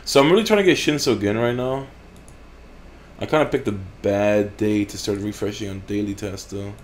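A man's voice: lowish voice, a little mellow, a little hiss or hum. A man hosting a gaming channel, giving casual gameplay commentary in a blunt, heavily profane way. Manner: profane, blunt, frequent swearing.

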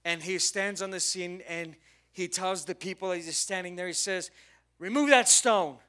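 A man preaching a sermon as pastor, telling the story with drama and acting out its people, swinging between loud emphasis and hushed lines. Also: high voice, level tone, moderate pace, smooth.

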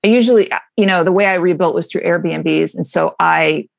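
A woman's voice: fairly low pitch, a little fast, creaky, no echo, clean studio sound. A woman with a New England accent, a podcast host chatting frankly and giving practical advice. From New Hampshire. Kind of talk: interview chat and advice talk.

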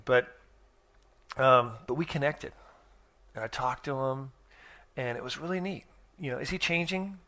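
A man's voice: medium pitch, a little slow, long pauses, bright, forceful tone. A middle-aged man preaching in a church, telling stories in a folksy, rambling way with many restarts and fillers. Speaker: guest speaker. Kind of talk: sermon storytelling.

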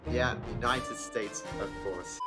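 Excitable reaction host over music. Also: mid-range voice. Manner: excitable, exclaims and repeats phrases. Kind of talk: casual reaction commentary.

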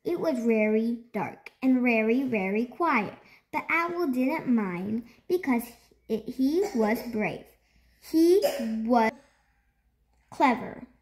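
A woman hosting a storytime, reading a children's picture book aloud in an expressive, slow storytelling manner. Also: fairly high pitch. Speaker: storytime host.

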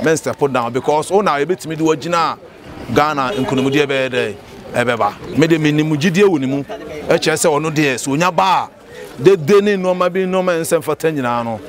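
A man giving an impassioned street interview outdoors, rising to excited pleas. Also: fairly high pitch. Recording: outdoor crowd noise. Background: crowd chatter.

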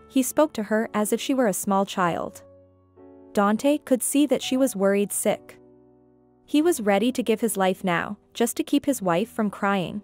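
A woman narrating a scripted story in an even, measured way. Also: mid-range voice, soft background music.

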